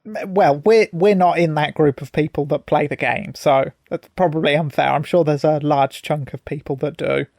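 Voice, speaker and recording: Gravelly sarcastic podcast host. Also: male voice, fairly high pitch, moderate pace, hardly any pauses, a little mellow, dry recording, studio quality. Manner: sarcastic, swearing. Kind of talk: casual chat.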